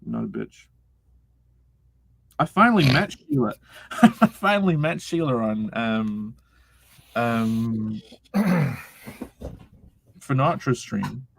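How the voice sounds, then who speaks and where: A man's voice: medium pitch, very animated, slow pace, creaky, long pauses, slight background noise. A young man casually streaming, reading chat aloud, laughing often and swearing freely.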